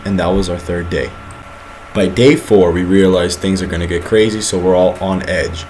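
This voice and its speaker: A man's voice: low-pitched, normal speed, a little hiss or hum. Young man narrating a student video. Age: young adult. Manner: energetic storytelling, acts out the others' lines.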